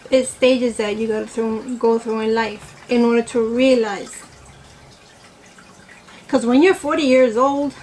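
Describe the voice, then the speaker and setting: Rambling woman vlogger, slightly high voice. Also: darkish tone, slight background noise, poor audio. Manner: rambling, with many "you know" fillers and self-corrections. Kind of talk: casual opinion chat while eating.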